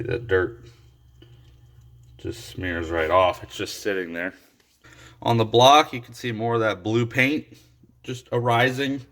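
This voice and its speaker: Bright-toned hoarse man showing engine parts. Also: fairly low pitch. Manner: chatty, full of fillers and asides. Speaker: car-build vlogger. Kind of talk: casual workshop walkthrough.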